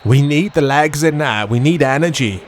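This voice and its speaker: A man commentating his own football video game play, excitable and self-mocking, shouting at big moments. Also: a little high, normal speed, slight background noise. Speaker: gaming YouTuber. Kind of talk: gameplay commentary.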